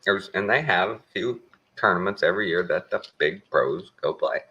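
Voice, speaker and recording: A man's voice: low-pitched, normal speed, pushed and bright, lo-fi sound. A man with a Texan accent giving a folksy, plain-spoken opinion monologue with a wry edge. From Texas. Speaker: show host.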